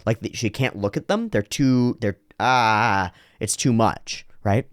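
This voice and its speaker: A man's voice: medium pitch, big pitch swings, darkish tone, no echo, studio quality. A man hosting an anime reaction, thinking aloud in rambling reflective commentary with frequent restarts. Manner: drops into slow exaggerated voices for quoted lines.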